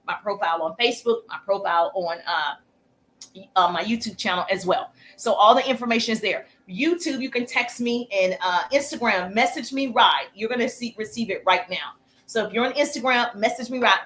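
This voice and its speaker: A social media coach with a voice on the high side teaches viewers on a live stream. She's chatty and energetic, breaking off now and then to thank viewers.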